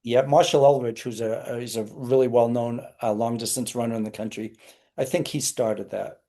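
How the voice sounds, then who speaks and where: A man's voice: mid-range voice, fairly even intonation, moderate pace, dark tone. A man, a podcast guest, telling anecdotes in an easygoing, storytelling way. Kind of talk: podcast interview.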